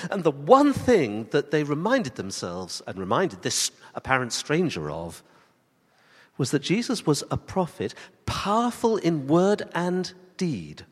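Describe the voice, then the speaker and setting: A man preaching in a church, his voice rising and falling with lively, expressive intonation. He leans into emphatic questions, then slows down to drop to soft, deliberate stresses. His words ring out with the long reverb of a large church hall. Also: fairly high pitch, breathy edge. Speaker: pastor. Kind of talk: sermon.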